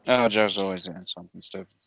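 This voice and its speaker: Male podcast co-host who stirs the pot; lowish bright voice, dull dry lo-fi audio. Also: fairly even intonation, fast talker, vocal fry, a little hiss or hum. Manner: provocative, needling. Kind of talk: casual chat.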